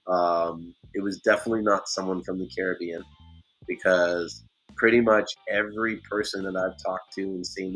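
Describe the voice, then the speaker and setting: A man's voice: sits low, breathy edge. A man hosting a casual livestream chat, telling stories and acting out other people's voices. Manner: animated storytelling, acts out others' voices. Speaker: host.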